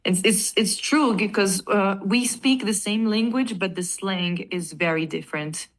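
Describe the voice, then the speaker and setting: A woman with a French accent, chatting casually as a band vocalist in an interview, animated and laughing often. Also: mid-range voice, a little slow. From France.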